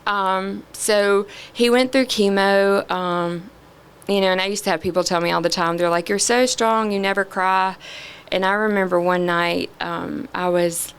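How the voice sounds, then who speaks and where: Speaking as a podcast guest, a middle-aged woman gives an honest personal testimony in an earnest, faltering manner full of pauses. Her voice sits on the low side, clear and resonant, with fairly even intonation.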